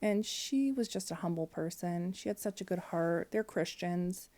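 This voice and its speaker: A woman in her forties tells a personal story on a podcast, candid and emotional. Her voice sits a little low and sounds warm and mellow. She fills gaps with "um" and acts out what people said. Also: moderate pace. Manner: candid, emotional, with frequent fillers and quoted dialogue. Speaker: podcast guest.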